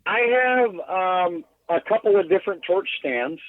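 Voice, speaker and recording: A man speaks casually from inside his bus, loose and self-deprecating, swearing freely and stumbling through filler words. His voice sits on the higher side. The sound is thin and phone-like, dry with no room around it. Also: animated, moderate pace, dry recording. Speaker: guest glassblower. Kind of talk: casual podcast interview. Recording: tinny phone line.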